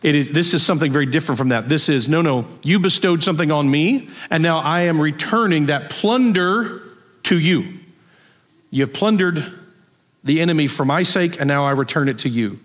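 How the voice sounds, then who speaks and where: Pastor with a drawl, storytelling sermon. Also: male voice, a little high, moderate pace, a bit bright. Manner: storytelling, conversational, asks the audience questions.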